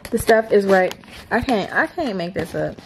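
A woman's voice: medium pitch, lively intonation, moderate pace, vocal fry, background noise. A woman chatting casually to her viewers in a home kitchen while she cooks, filming on a handheld camera. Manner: chatty, laid-back, keeps addressing viewers. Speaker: vlogger talking to viewers. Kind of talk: casual vlog chat.

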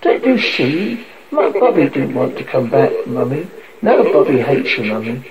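Guy voicing creepy drowned little boy thing, whiny then nasty, big swoopy pitch, dull lo-fi audio with a crowd murmuring behind. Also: sing-song, moderate pace, natural voice. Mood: spiteful. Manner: plaintive then spiteful. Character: sinister boy who returns from drowning, a thing.

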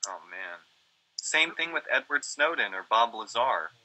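A man's voice: medium pitch, sing-song, unhurried, pushed and bright, rough recording. A man chatting casually as a guest, easygoing and agreeable, adding reflective comments. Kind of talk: casual chat.

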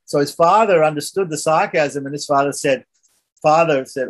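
A man's voice: fairly high pitch, fairly quick. A man teaching a scripture class, retelling a story in a conversational way and often checking in with the listeners. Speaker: religious teacher.

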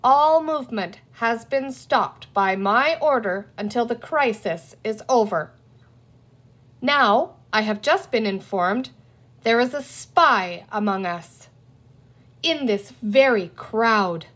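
A woman's voice: on the high side, sing-song, takes it slowly, slightly rough, heavily acted. A woman reading a storybook aloud and voicing a pompous male village chief with a grand, formal, commanding manner.

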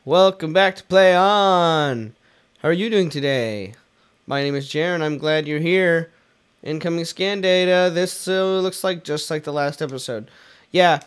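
A man's voice: fairly high pitch, a little slow, clear, resonant tone. Jokey, rambling young male gamer. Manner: rambling, jokey and self-deprecating. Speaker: let's play host. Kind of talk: casual gameplay commentary.

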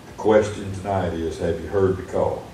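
Lay preacher in an echoey church. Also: male voice, low voice, fairly even intonation, normal speed, dark tone, slight background noise. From United States. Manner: earnest, retells Bible stories with rising emphasis. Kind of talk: sermon. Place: small church sanctuary. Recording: echoey church room from far off.

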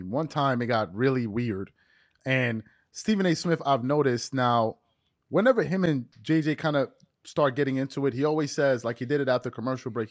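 A man hosts a podcast interview, putting questions to his guest in a conversational manner. His voice sits at a middle pitch for a man. The sound is close and dry, with no room echo. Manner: conversational, reads quotes aloud. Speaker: podcast host.

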